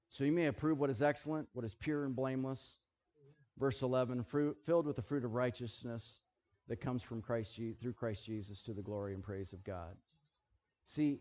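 A man preaching a sermon, animated and jokey, who keeps checking that his listeners are following. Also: medium pitch. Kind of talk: sermon with object lessons.

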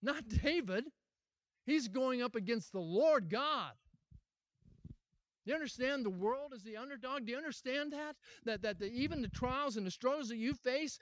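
A man preaching a sermon as pastor, asking many rhetorical questions and repeating his words, moving from loud urgent appeals to a quiet closing prayer. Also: very high-pitched, lively intonation, moderate pace, no echo.

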